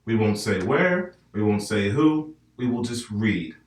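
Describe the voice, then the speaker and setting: A man's voice: lowish voice, very animated, measured pace, far from the mic. A young man from the northern United States, hosting a podcast in a blunt, joking, profane way. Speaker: podcast host. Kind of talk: casual podcast chat. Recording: echoey room, off-mic.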